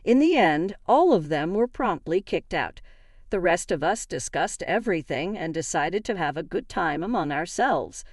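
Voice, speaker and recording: A woman's voice: fairly low pitch, moderate pace, no room sound, studio quality. A woman narrating a dramatic first-person family story, reading every character's lines in much the same voice. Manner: reads all characters in an even narrating voice.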